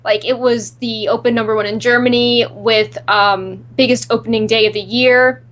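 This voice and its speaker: A woman's voice: fairly high pitch, fairly even intonation, normal speed, a bit bright. A woman co-hosting a casual livestream chat, giving short agreeing replies and reading news from her notes with many ums. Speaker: co-host.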